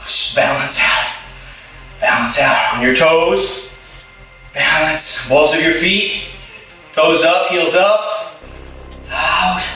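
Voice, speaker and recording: A male martial arts instructor leading an at-home workout class, upbeat and encouraging, counting reps out loud and cheering his students on. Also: a little high, slow, pauses often, distant mic. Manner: loud counting and shouted kiai. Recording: very echoey room, voice away from the mic, faint music.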